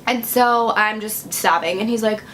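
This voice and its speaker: Speaking at a moderate pace in a medium-pitched, slightly bright voice, a young woman from Wisconsin tells a personal story on her vlog. She's talkative and sarcastic, filling her sentences with "like," and there's a little background noise.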